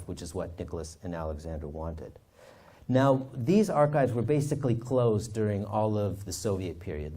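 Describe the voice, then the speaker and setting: A man, an author and historian, telling stories from his research in a lively anecdotal way. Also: fairly low pitch. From United States. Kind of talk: storytelling talk.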